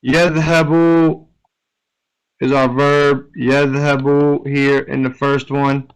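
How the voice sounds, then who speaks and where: Slow, smooth-voiced man teaching grammar. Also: medium pitch, monotone, low-quality recording. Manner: explains step by step, often checking with "right?". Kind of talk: classroom grammar lesson.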